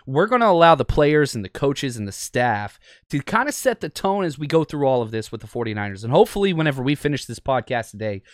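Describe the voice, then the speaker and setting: A man's voice: medium pitch, sing-song, fast talker, no room sound, clean studio sound. A man hosting a sports podcast, talking casually and with enthusiasm, with lots of ums and uhs. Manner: chatty, enthusiastic, frequent fillers. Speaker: podcast host.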